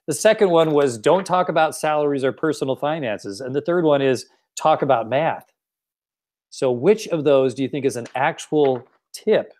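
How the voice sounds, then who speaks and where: A man's voice: fairly high pitch, normal speed, a little mellow. A man hosting a quiz game, teasing and laughing often as he reads the questions. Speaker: host running a quiz game.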